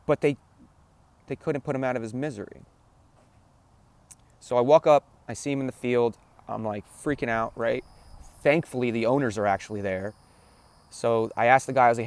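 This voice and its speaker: A man hosts a spiritual talk, earnestly and emotionally telling a personal story while repeating phrases and checking in with the listener by asking "right?" again and again. His voice is medium-pitched at normal speed, with long pauses.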